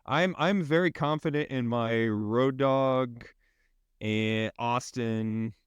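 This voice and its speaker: Easygoing podcast co-host, dry sound. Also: male voice, medium pitch, smooth, no echo. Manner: easygoing, halting restarts. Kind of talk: casual chat.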